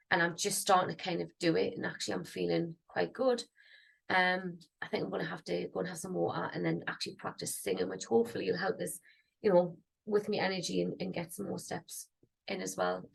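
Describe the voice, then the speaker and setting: A woman's voice: fairly low pitch, gravelly, slightly rough, rough recording. A woman, rambling and thinking aloud in a casual vlog. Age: 30s. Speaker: singer vlogging.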